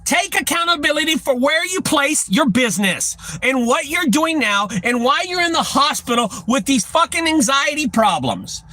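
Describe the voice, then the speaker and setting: A man's voice: very high voice, sing-song, moderate pace, few pauses, sharp tone, dry recording. A man with a Texan accent who owns a junk removal business, lecturing other owners in a blunt, profane rant to camera. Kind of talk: ranting talk to camera.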